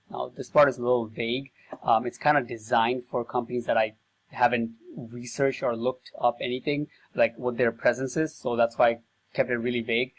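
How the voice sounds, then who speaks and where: A man who sells digital marketing chats to the camera about sales scripts, thinking aloud in a loose, rambling way. His mid-range voice is level and brisk, and the recording quality is low.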